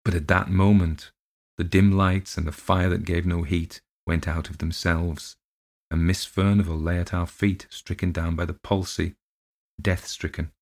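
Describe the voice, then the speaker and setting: A man narrating a ghost story as an audiobook reading, in a measured, steady storytelling manner with dramatic swells. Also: deep voice.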